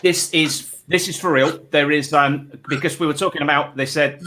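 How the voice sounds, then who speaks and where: A man's voice: on the high side, fairly even intonation, normal speed, bright, forceful tone, a little hiss or hum. A man hosting a comedy panel show, chatty, reading out viewer comments and adding wry asides. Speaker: host. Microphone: online live stream.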